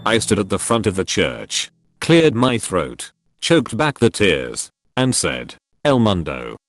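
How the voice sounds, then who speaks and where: Deadpan low-voiced man reading jokes. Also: slow pace, faint music behind. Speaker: narrator reading Reddit posts. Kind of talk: scripted narration of jokes.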